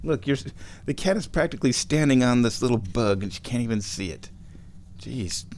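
A man hosting his own show, talking in a relaxed, rambling way while lying down and chuckling often. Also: medium pitch, moderate pace. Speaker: solo show host. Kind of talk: casual monologue.

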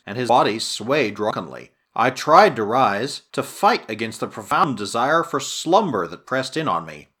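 A man with a husky voice reading a first-person adventure story aloud in expressive audiobook narration. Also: mid-range voice.

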